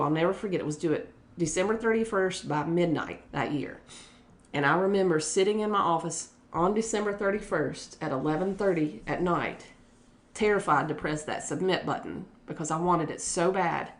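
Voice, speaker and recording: A middle-aged woman from West Virginia talks through her career as a school principal in an earnest, conversational way. Her voice sits on the lower side, and she slips into brief lively voices when quoting others. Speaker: elementary school principal, guest. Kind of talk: casual conversational storytelling.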